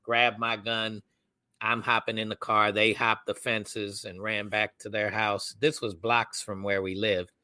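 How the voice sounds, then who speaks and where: A young man co-hosting a podcast, telling a story in a casual, animated way. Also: lowish voice, unhurried, no room sound. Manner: animated, acts out quoted voices. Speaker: podcast co-host.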